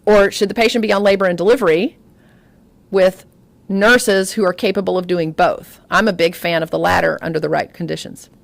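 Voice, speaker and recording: A woman lectures at medical grand rounds, lively and chatty, turning to the audience with stories and asides. Her voice is recorded close and dry, with almost no room sound. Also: fairly low pitch, a little fast, gravelly, no room sound. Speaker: obstetrics lecturer.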